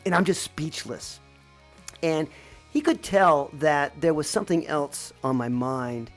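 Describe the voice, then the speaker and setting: Woman with a deep voice for a reflective, meandering personal story; light music underneath. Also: measured pace. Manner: reflective, rambling, with many restarts.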